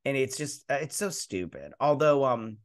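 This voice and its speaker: A man's voice: medium pitch, lively intonation, normal speed. A man hosting a casual movie review, blunt and exasperated, rambling with fillers and restarts. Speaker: host.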